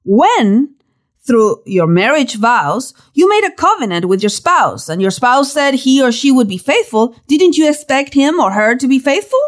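Expressive woman teaching the Bible. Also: a little high. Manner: dramatic, rhetorical questions, expressive. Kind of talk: devotional Bible teaching narration.

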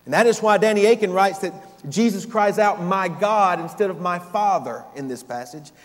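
A man with a fairly high voice preaches from the pulpit, his delivery swelling to emphatic peaks before sinking to a hushed, almost whispered hold. His words ring out with a long reverb through a church hall. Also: moderate pace. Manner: dramatic preaching, swelling loud then dropping to near-whisper. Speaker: pastor. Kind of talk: sermon.

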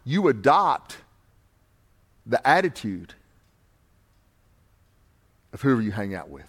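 A man preaching a sermon, building his points through repeated refrains. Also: medium pitch. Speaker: pastor.

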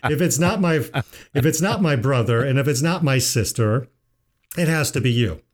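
A man hosting a financial talk show, telling a joke slowly in a folksy way. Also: medium pitch, animated. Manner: unhurried, folksy storyteller. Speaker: financial advisor and show host. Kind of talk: casual radio talk with told jokes.

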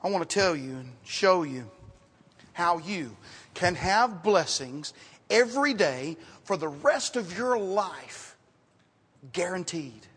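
A man preaching a sermon as pastor, in a conversational style, repeating words and dropping to quiet asides. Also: sits high, expressive, slow pace, husky. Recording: reverberant hall, sometimes off mic.

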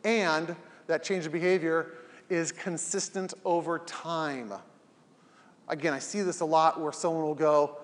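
A man with a fairly high voice teaches an evening class, earnest and emphatic, slipping into little acted-out quotes to make his points. His voice rings with a long reverb from the large hall around him. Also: steady tone, unhurried. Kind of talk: live talk to a class, later posted as a podcast.

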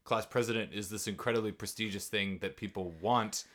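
A woman's voice: a bass voice, fairly even intonation, a little fast. A woman co-hosting a podcast, recapping a show in casual chat with dry, wry comments. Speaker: podcast co-host.

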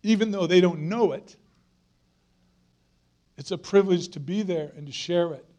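A man's voice: sits high, moderate pace, warm tone. A middle-aged man preaching a sermon as a guest preacher, earnest and emphatic, repeating phrases for stress.

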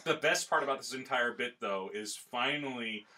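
A man casually recapping an anime as a podcast co-host, rambling and animated with lots of fillers. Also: medium pitch, moderate pace.

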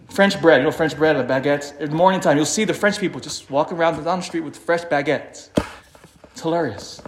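Male preacher, slightly higher voice, animated sermon delivery with loud peaks and hushed asides. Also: normal speed, echoey room, background noise. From Philippines (family). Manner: animated, dramatic swings between loud emphasis and quiet asides.

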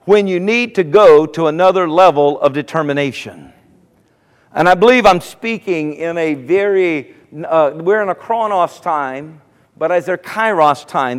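A man preaching an impassioned sermon that swells into shouted cries, in a church. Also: high-pitched, smooth. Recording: long hall reverb.

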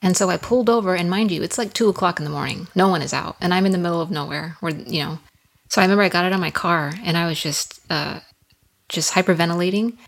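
Low-voiced young woman telling a personal story. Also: fast talker, creaky. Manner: earnest, candid, repeats words while telling a story. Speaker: guest. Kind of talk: casual podcast chat, personal storytelling.

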